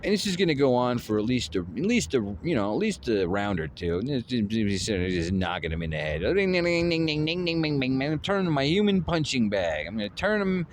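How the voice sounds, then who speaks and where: A man's voice: lowish voice, sing-song, a little fast, hardly any pauses, slight background noise. A man recording himself on his phone, rambling through boastful, playfully taunting trash talk about a fight. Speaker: vlogger.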